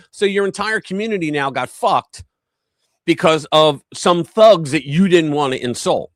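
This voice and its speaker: Animated, blunt male commentary host. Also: a little high, no room sound, studio quality. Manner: blunt, profane, heated. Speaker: host of a live political commentary stream. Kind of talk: live-stream news commentary.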